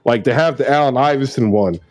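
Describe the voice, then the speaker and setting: A man's voice: mid-range voice, brisk, a little mellow, no room sound, soft background music. A man in his thirties hosting a casual online chat, who laughs easily and rambles loosely through an ad read. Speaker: host.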